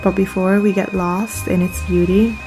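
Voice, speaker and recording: A woman giving scripted, reflective voice-over narration for her travel vlog, soft and measured. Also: medium pitch, little pitch movement, music in the background.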